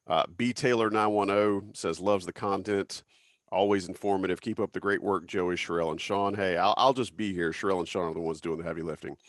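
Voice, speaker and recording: Low-pitched dude hosting a sports podcast, jokey and loose, dry close mic. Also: male voice, steady tone, brisk, dry recording. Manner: joking, loose, reads out listener names. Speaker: podcast host. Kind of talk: casual sports podcast chat.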